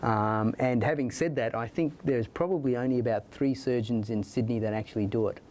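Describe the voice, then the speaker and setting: A man explains treatment options to an audience after his talk. He speaks in a measured, patient way, with a mellow, warm tone. A faint low rumble sits behind him in the meeting room. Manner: measured, explanatory, some restarts. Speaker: urologist presenter. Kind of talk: answering audience questions.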